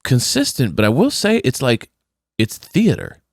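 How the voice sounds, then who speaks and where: A man's voice: medium pitch, wildly swooping pitch, moderate pace, dry recording, studio quality. A man co-hosting a podcast, chatting casually through a reality-TV recap and slipping into exaggerated mock voices. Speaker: podcast co-host.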